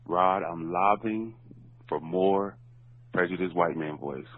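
Man, very deep voice, playful teasing voicemail caller, muffled dull recording. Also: slow pace, no echo.

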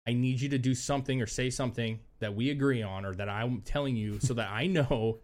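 A man with a medium-pitched, fairly quick voice co-hosts a podcast, telling stories in casual, profane chat. He is an animated storyteller who acts out the voices of the people he quotes.

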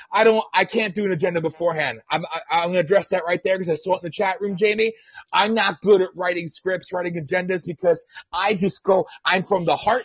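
Cussing radio host guy going off unscripted, husky high voice, dry muffled lo-fi sound. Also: moderate pace, no echo. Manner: profane, passionate and off the cuff. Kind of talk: unscripted talk radio rant. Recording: slightly muffled lo-fi audio.

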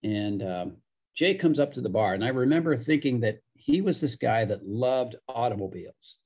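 A man's voice: mid-range voice, lively intonation, normal speed, a little mellow, breathy edge, muffled recording. A middle-aged man, a hockey broadcaster, telling anecdotes in a podcast interview and acting out the people he quotes. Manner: chatty anecdotal storyteller, acts out quoted voices.

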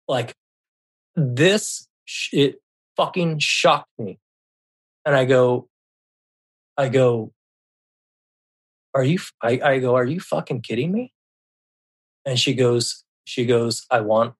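A man's voice: mid-range voice, breathy edge. A man from Seattle telling a personal story as a podcast guest, retelling conversations with frequent restarts and occasional swearing. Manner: emotional retelling with frequent restarts, quotes himself and others; swears when upset. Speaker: podcast guest, left-behind parent.

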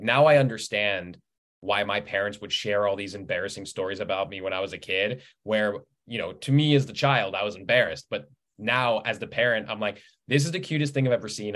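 A man in his thirties, a guest author chatting in an interview, telling anecdotes with lively acted-out quotes. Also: on the low side. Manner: animated storyteller, acts out quoted voices. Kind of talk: casual conversational interview.

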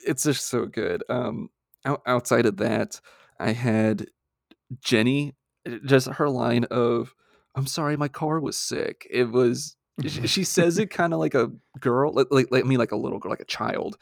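A laid-back man co-hosting a casual film chat, with a gravelly, crackly voice at an ordinary pitch. He swears offhandedly and laughs a lot. The sound is dry, with no room echo. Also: unhurried. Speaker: podcast co-host.

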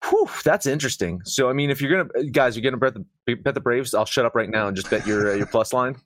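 Animated, swearing male sports host. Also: mid-range voice, fast talker, no room sound. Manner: animated, profane, emphatic. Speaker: sports betting podcast host. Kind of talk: casual sports talk.

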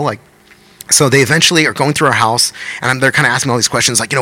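A man, a musician, telling a story in a fast, animated podcast chat, with lots of swearing. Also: medium pitch. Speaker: guest musician.

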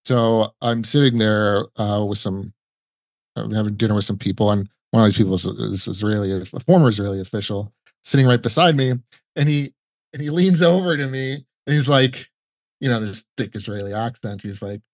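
A man's voice: fairly low pitch, steady tone, fairly quick, darkish tone, no room sound. A man as a podcast guest, chatting casually and rambling with many restarts. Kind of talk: casual conversational storytelling.

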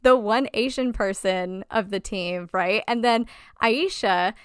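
A woman's voice: medium pitch, slow pace, smooth, no echo, studio quality. A woman co-hosting a casual chat, blunt and profane, with a lot of fillers. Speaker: podcast co-host.

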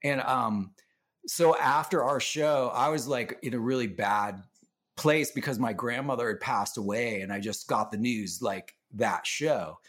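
A man's voice: medium pitch, unhurried, a bit bright. A man, a band member, telling road stories casually on a podcast, laughing often and swearing freely. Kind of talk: casual storytelling.

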